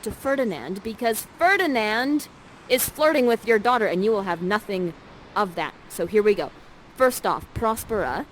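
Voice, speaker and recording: A woman's voice: medium pitch, a little hiss or hum, low-quality recording. A woman acting as guide, directing participants through an interactive theater scene in an upbeat, theatrical way. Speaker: actor guiding participants through an interactive show.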